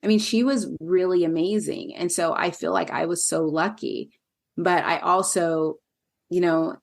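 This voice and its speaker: A woman hosting a podcast, talking in a relaxed, reflective way. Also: lowish voice, unhurried, vocal fry. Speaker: podcast host. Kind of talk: casual podcast conversation.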